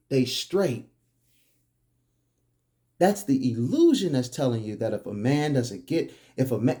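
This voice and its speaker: A man's voice: medium pitch, mellow. A man delivering a preachy monologue, firing off emphatic, repetitive rhetorical questions. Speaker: commentary host.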